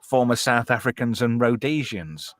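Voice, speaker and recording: A man hosting a casual livestream chat, bawdy and animated as he tells stories. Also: medium pitch, moderate pace, no echo, clean studio sound. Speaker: host.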